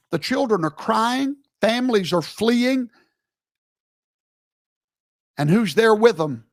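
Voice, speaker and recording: High gravelly man, preaching-style. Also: lively intonation, slow, pauses often, dry recording, studio quality. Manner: emphatic, rhetorical questions, sweeping pitch jumps. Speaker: host. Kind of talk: animated preaching-style commentary.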